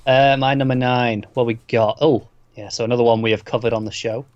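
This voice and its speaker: A man co-hosting a movie discussion podcast, offering quick, wry, opinionated takes in casual chat. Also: mid-range voice, fairly even intonation, a little mellow, no echo. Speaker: co-host of a movie discussion show. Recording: slightly dull, lo-fi sound.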